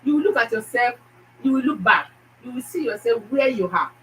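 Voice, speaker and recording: A woman's voice: a little high, expressive, brisk, a bit bright, soft background music. A woman, a food YouTuber, giving earnest casual advice and repeating her key points. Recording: distant mic with faint noise.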